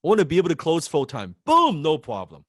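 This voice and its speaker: A man voicing a wish-granting genie that grants goals without judging them, in quick, clipped exclamations. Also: a little high, huge pitch swings, no room sound, studio quality, pitched above the performer's own voice. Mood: eager.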